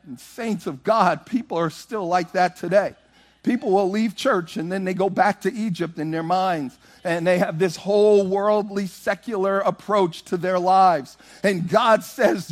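A man preaching a sermon, animated and rhythmic, moving from loud, half-sung exclamations to hushed storytelling. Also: sits high, a little slow.

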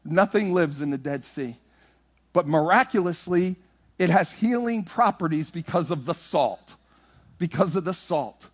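A man preaching a sermon, animated and rhythmic, moving from loud, half-sung exclamations to hushed storytelling. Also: a little high, unhurried.

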